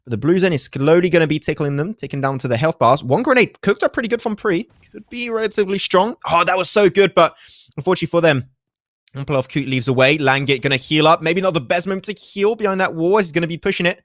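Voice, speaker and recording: A man casting a live esports match, with rapid, energetic play-by-play and joking asides. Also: fairly high pitch, no echo, clean studio sound. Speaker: esports caster.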